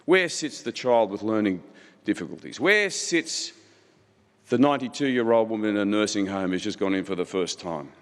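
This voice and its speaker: Hall reverb surrounds this middle-aged man's fairly low, expressive voice as he speaks at a moderate pace. He is giving a passionate keynote in a big conference hall, driving his points home with repeated rhetorical phrases.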